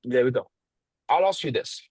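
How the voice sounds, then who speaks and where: A man's voice: mid-range voice, husky, dry recording, low-quality recording. Blunt, foul-mouthed male sales coach. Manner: blunt, swears freely, lively tonality with pauses and emphasis. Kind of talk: casual coaching call.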